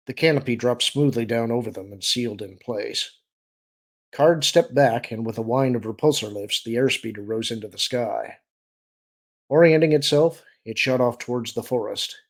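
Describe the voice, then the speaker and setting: Male narrator, audiobook, steady, measured, gravelly. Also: lowish voice. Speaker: audiobook reader.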